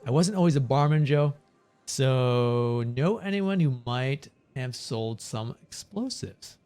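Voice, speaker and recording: A man reading the lines of a calm barman with a shady past, giving advice. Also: medium pitch, slow pace, clear, resonant tone, soft background music. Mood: advising.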